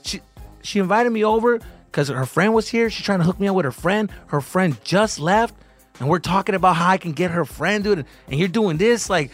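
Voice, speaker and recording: A man with a high, lively voice tells a story in casual podcast chat. He is profane and animated, jumping into a higher voice to act out what others said. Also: brisk, faint music behind. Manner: animated, profane, acts out other people's lines in a raised voice. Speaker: podcast guest.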